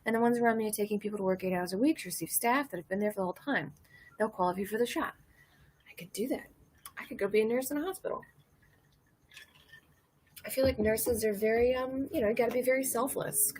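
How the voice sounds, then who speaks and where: A woman from Louisiana hosting a casual comedic monologue, rambling and cursing and laughing her way through dark topics. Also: on the high side, fast talker, a little hiss or hum, poor audio. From Louisiana, USA. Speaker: host.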